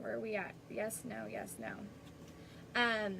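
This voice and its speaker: A woman's voice: mid-range voice, big pitch swings, slow pace, noisy background. A woman hosting a live-streamed spiritual reading as a psychic medium, talking in a rambling, chatty way and often restarting.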